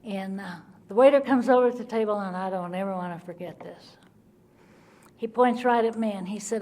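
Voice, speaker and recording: A woman giving her Al-Anon recovery testimony, telling her story in an animated way and acting out the people in it. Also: medium pitch, brisk. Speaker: Al-Anon speaker.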